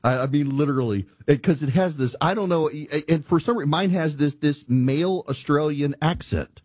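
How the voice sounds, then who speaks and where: A man's voice: on the high side, moderate pace, darkish tone, slightly rough, no room sound. A man hosting a casual talk show, ranting in disbelief about bad drivers and laughing at his own stories. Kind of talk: casual monologue.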